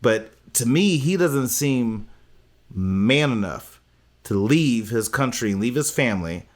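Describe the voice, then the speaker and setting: A man co-hosts a casual podcast recap. His voice is of ordinary pitch. He gives his opinions deliberately and speaks straight to his listeners. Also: expressive. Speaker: podcast co-host.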